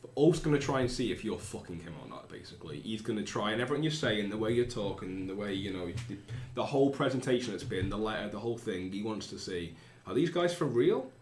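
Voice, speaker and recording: A man's voice: lowish voice, expressive, fast, a little mellow, a little hiss or hum. A man narrating as game master in a conversational, rambling way with restarts, recorded with a roomy echo.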